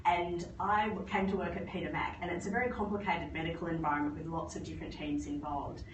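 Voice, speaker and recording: A woman, a palliative care doctor, giving a lively conference talk and telling stories. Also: low voice. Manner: lively anecdotal storytelling. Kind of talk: conference presentation. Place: conference hall. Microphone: phone recording from the audience. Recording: echoey hall from far off, noisy.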